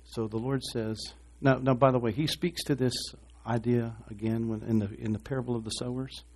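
A man's voice: medium pitch, steady tone, a little fast, a little mellow, slight background noise. A man preaching a sermon, asking the congregation to respond and acting out short voices. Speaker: pastor.

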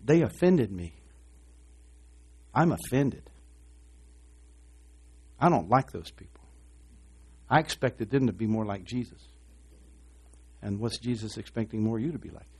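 A man preaches to a congregation with a husky, somewhat dark voice. He calls out for responses from the room and slips into short acted voices to make his point. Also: lowish voice, measured pace, long pauses. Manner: animated preaching with call-and-response, acting out voices. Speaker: pastor. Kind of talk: sermon.

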